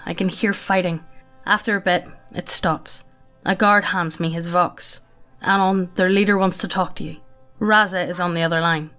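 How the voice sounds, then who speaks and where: A woman reads a sci-fi story aloud in a plain, casual, matter-of-fact voice at a middle pitch. Her delivery is unhurried and conversational, with quick laughs slipping in, and faint music plays underneath. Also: fairly bright tone. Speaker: story narrator.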